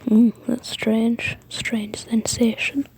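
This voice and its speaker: A woman's voice: on the high side, little pitch movement, slow, creaky, darkish tone, a little hiss or hum, rough recording. A woman whispering the lines of a mild-mannered young male hero, given a British manner, in a whispered role-play. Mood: curious.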